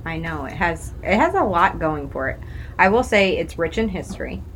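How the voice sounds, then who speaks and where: A woman's voice: on the low side, animated, moderate pace, fairly bright tone, a little hiss or hum, rough recording. A woman from Illinois co-hosting a podcast, chatty and teasing in casual conversation. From Alton, Illinois. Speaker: podcast co-host. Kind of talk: casual chat.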